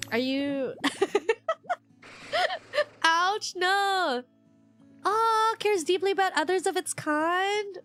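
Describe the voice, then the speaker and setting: A woman's voice: a little high, fairly bright tone. A young woman streamer chatting casually while gaming, rambling and openly emotional, with many fillers and restarts. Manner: openly emotional, quick to gush. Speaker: live streamer.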